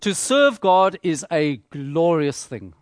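A man preaching a sermon, measured and emphatic, repeating phrases for rhetorical effect. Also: a little high, very animated, dry recording, clean studio sound.

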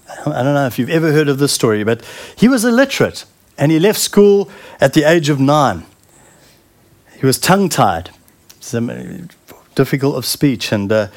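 A middle-aged man preaching a sermon in an earnest, heartfelt way, often pausing and repeating words. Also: on the high side, a little mellow.

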